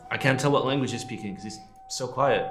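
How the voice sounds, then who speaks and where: A hungover man hosts a casual livestream, chatting loosely and swearing at a fast clip in a medium-pitched voice. Faint music plays behind him, and the recording has a roomy echo.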